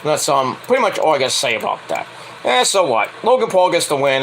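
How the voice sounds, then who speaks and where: A man's voice: sits high, sing-song, fast, a bit bright, slight background noise, rough recording. A man casually recapping a wrestling event in a blunt, profane way, now and then acting out quotes in mocking voices. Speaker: wrestling show reviewer.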